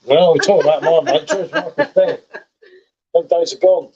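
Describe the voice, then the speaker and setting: A man's voice: fairly high pitch, normal speed, muffled recording, a crowd in the background. Tipsy, matey man on a stream. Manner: matey, repeats himself, says "mate" a lot. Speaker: livestream host. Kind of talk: casual chat.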